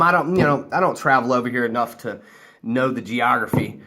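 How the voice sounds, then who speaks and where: A man's voice: on the high side, very animated, normal speed, fairly bright tone. An American man telling a rambling story casually to camera, loose and a few drinks in. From United States. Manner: rambling, laughing, loose and chatty. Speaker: vlogger.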